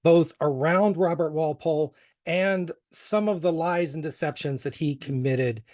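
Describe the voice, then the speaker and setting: A man's voice: a little high, measured pace, darkish tone. A middle-aged American man with a faint Western Pennsylvania accent, a history podcast host giving a casual, joking conference talk full of fillers. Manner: joking, self-deprecating, many fillers.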